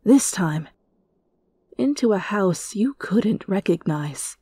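A woman narrating a fanfiction reading as a whispered role-play, in hushed, deliberate storytelling. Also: medium pitch, expressive, slightly rough, no room sound. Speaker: fanfiction reader.

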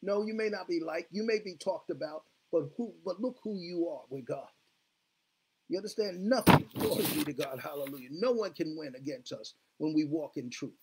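A man's voice: a little high, normal speed, heavy background noise. A man preaching a sermon as pastor, fervent, leading the congregation in call-and-response. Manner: fervent, repeats "glory be to God, hallelujah" with call-and-response.

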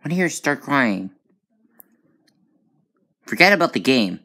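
A woman chats her way through a video game in casual commentary. Her voice sits unusually deep for a woman, yet it swings around with lively, animated pitch. She rambles and gets excitable, breaking into sudden high outbursts. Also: moderate pace. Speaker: gaming channel host.

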